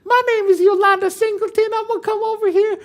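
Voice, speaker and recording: A man voicing a woman client calling a bureau in a put-on falsetto, insistent and polite. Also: level tone, quick pace.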